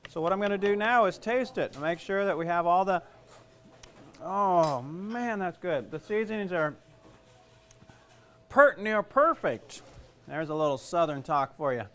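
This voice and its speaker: A man's voice: high-pitched, fast talker, few pauses, slight background noise. A middle-aged man, a chef, giving a casual cooking demonstration in a chatty, rambling way and joking at his own expense. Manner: chatty, rambling, jokes at himself.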